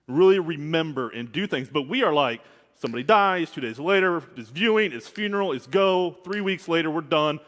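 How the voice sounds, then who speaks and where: A man's voice: fairly high pitch, expressive, fairly quick, few pauses, a bit bright. A man preaching a sermon as a minister, speaking candidly and conversationally with asides. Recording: long hall reverb.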